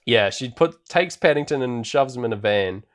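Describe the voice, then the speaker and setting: A man co-hosting a podcast, recapping a film in a relaxed, rambling way with plenty of fillers. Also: mid-range voice, normal speed. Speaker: podcast co-host. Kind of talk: casual film recap chat. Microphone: podcast microphone.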